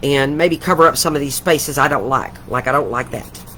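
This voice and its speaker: A woman's voice: rumbling low, normal speed, fairly bright tone, a little hiss or hum, low-quality recording. An older woman, hosting a casual craft livestream from home, chatty and rambling, gushing with affection. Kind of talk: casual live craft chat.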